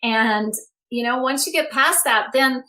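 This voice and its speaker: Bright, emphatic woman coach. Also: high voice, unhurried. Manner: earnest, advocating, emphatic. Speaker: guest, emotional coach. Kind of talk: podcast conversation.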